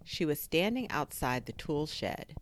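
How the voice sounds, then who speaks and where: A woman reading a children's chapter book aloud, expressive and full of sound effects. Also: deep voice, unhurried, slight background noise. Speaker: story reader.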